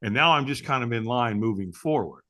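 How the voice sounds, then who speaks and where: A man guest on an interview show, telling a personal story with lively, acted-out quotes and frequent restarts. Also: medium pitch, a little fast. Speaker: guest, firewalk instructor.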